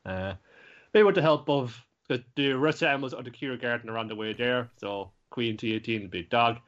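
A man's voice: medium pitch, fairly quick, fairly bright tone. Rambling, swearing young guy. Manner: rambling, heavy swearing, many fillers. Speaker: podcast host recapping an anime. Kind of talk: casual chat. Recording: dull lo-fi recording.

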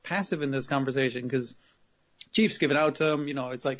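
A man in casual podcast chat, his voice sitting a little high. He retells scenes with lively acted-out quotes and blunt swearing. The audio is dull and lo-fi. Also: brisk. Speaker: podcast co-host reviewing anime.

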